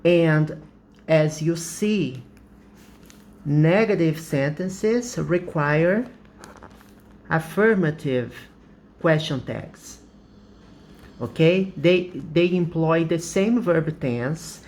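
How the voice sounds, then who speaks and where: A man with a Brazilian accent, a native Portuguese speaker, explaining an English grammar lesson as a teacher in a deliberate way, checking in often with "okay?". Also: a little high, a little mellow.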